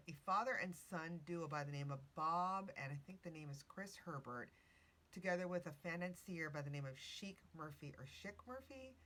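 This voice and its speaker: A woman hosting a casual podcast. She tells a story while reading from notes, correcting herself and adding chatty asides. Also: sits low. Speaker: podcast host.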